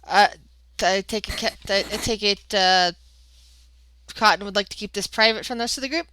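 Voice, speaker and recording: A woman narrating as game master of a tabletop game, halting and filling gaps with "uh". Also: medium pitch, bright, forceful tone, slight background noise. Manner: halting, with many fillers and restarts.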